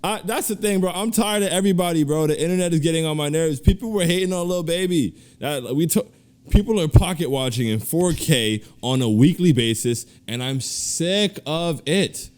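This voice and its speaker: A man co-hosting a casual podcast, ranting in animated, slangy bursts and laughing through his complaints. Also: fairly high pitch, moderate pace, smooth. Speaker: podcast co-host.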